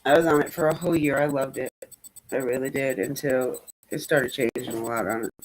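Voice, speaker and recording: A woman's voice: extremely low pitch, steady tone, a little fast, rough recording. A woman chatting casually as a streamer, rambling and swearing freely. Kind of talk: casual chat.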